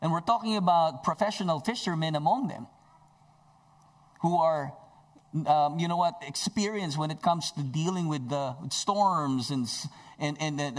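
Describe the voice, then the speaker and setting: A male pastor preaching a sermon, emphatic, stretching out key phrases, with joking asides. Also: a little high.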